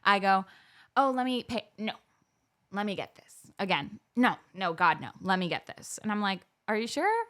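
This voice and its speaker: A young woman co-hosts a casual podcast chat and tells a dating story with lively energy. She slips into the voices of the people she quotes as she goes. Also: mid-range voice, moderate pace. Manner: animated, acts out quoted dialogue. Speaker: podcast co-host.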